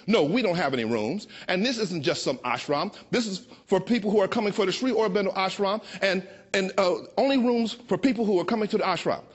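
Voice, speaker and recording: A man in his sixties from Chicago, telling a personal story with a playful, expressive delivery that slows down for emphasis. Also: high voice, slightly rough. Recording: dull lo-fi recording.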